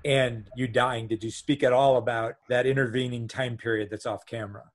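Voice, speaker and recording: A man's voice: medium pitch, fairly even intonation, fairly quick. Man asking long, thoughtful questions. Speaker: podcast co-host. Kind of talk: interview questions.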